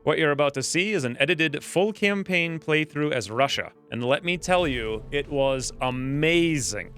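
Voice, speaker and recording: A man's voice: on the high side, lively intonation, moderate pace, a bit bright, clean tone, soft background music. A man hosting a let's play video, giving casual, upbeat commentary and explaining his plans as he plays. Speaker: gaming channel host.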